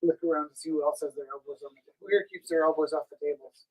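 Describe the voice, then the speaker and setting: A man's voice: on the high side, racing, poor audio. A man co-hosting a live art auction stream, telling long rambling stories in casual chat. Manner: rambling storyteller, animated. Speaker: gallery co-host.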